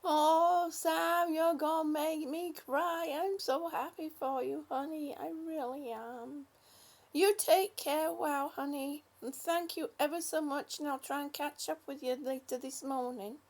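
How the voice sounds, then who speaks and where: A woman hosts a relaxed livestream and reads viewers' comments aloud. Her voice sits high and her pace is unhurried. She talks affectionately and calls people honey and sweetie. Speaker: livestream host. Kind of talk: casual livestream chat reading viewer comments.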